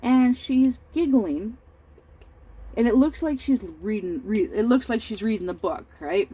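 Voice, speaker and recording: A middle-aged woman rambles through a family story at an unhurried, slow pace, often stopping to clear her throat or fill a gap. Her voice is mellow and soft-edged. She sounds over-tired. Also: on the high side, poor audio. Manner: rambling, halting, with frequent throat-clearing and fillers. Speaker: crafting vlogger. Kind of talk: casual storytelling while crafting.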